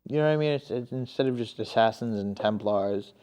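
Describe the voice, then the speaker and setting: A man co-hosting a video game show, giving his take in halting casual chat. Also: on the low side, darkish tone, clear, resonant tone. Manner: hesitant, many fillers and restarts. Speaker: co-host of a gaming show.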